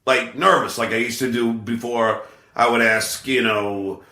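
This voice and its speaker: A man's voice: mid-range voice, measured pace, reverberant. A man, a comedian hosting a podcast, telling a story in casual chat with lots of stammered restarts. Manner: animated, stammering, restarts a lot.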